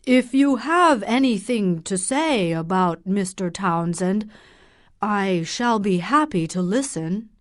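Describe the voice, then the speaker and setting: A woman's voice: medium pitch, lively intonation, slow, no echo, studio quality. A woman voicing a stern middle-aged male doctor and worried father, speaking in a firm, probing way in an audiobook. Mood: gentle.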